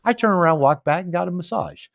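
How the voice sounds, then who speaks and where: A man's voice: high voice, animated, quick pace, creaky, no echo. Older man telling stories, dry sound. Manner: rambling, anecdotal, with restarts. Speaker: author and coach. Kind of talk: storytelling in a podcast interview. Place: home.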